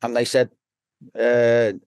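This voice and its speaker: A man with a Scouse accent recounts his past in a loose, rambling way, dropping swear words into nearly every sentence. His voice sits at an ordinary middle pitch, and the sound is dry and close with no room echo. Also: completely flat delivery, takes it slowly, creaky, darkish tone, clear, resonant tone. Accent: Liverpool (Scouse). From Liverpool, England. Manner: blunt, rambling, swears constantly. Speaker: podcast guest. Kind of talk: casual storytelling.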